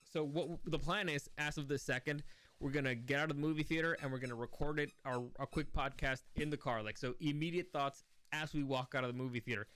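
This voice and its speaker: Man, casual movie review host, fairly high voice, smooth and clear, rambling, often sidetracked. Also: fast, fairly bright tone. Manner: rambling and easily sidetracked, with many restarts. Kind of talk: casual spoken film review.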